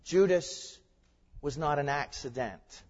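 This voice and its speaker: A man's voice: on the high side, slow pace, darkish tone. Male preacher, emphatic sermon delivery, echoing church sanctuary, dull sound. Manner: emphatic, rising to fervent peaks. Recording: muffled sound with long hall reverb.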